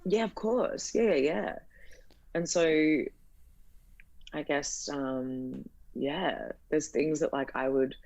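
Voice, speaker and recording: Young Australian woman, low voice, casual chatty podcast guest, dry close mic. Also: takes it slowly, a little mellow, no room sound, dull audio. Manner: chatty, lots of fillers, acts out quoted exchanges. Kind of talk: casual chat.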